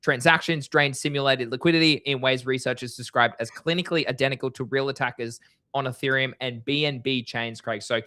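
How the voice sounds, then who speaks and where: A man's voice: mid-range voice, steady tone, fairly quick, bright, forceful tone. An Australian man hosting a casual livestream chat, friendly and chatty with frequent fillers. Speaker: livestream host.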